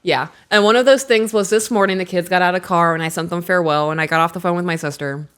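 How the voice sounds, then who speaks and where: Podcast lady in her 30s, lowish voice, reads from a book then acts out all the quotes in her stories. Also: fast talker, clean tone. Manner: animated storyteller who acts out quotes. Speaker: podcast co-host. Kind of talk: casual podcast chat, reading aloud from a book.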